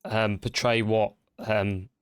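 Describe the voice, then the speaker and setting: A man with a smooth, clear voice explains things at a measured pace on a casual podcast. He speaks in a flat, even tone, and the sound is dry. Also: on the low side, dry recording. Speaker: podcast co-host. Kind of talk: casual chat.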